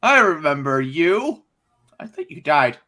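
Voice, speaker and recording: A man's voice: on the high side, sing-song, a little slow, pushed and bright, exaggerated voice. A man doing a Russian-accented commando droid. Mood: stiffly dutiful. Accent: Russian, put on.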